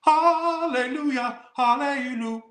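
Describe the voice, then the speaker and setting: A man putting on a prim churchgoer who sings reverently in a thin, quiet, drawn-out voice. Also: very high voice, reverberant, pitched above the performer's own voice, full character voice.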